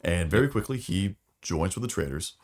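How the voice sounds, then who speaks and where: A man with a very low, deep voice, running through lore in relaxed, slangy podcast chat. He talks it through loosely, as if to friends. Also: moderate pace. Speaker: podcast co-host.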